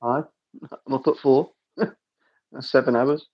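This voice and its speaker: A man's voice: medium pitch, fairly even intonation, slow, slightly rough. Playful Birmingham man on a dull stream. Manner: jokey, playful, repeats words. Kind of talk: casual live chat.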